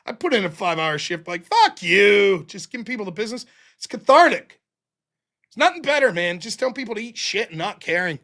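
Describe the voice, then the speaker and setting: Bright, pushed, and high-pitched, this man's voice moves quickly and with plenty of animation. He's an American host in his 40s spinning rowdy, foul-mouthed stories in a casual monologue, performing the voices of everyone he quotes.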